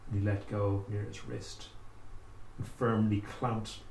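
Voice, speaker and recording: A man telling a spooky folk tale aloud, with slow, dramatic pauses. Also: lowish voice, little pitch movement, gravelly, a little mellow, slight background noise. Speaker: storyteller. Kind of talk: oral storytelling. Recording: echoey room, faint ambience.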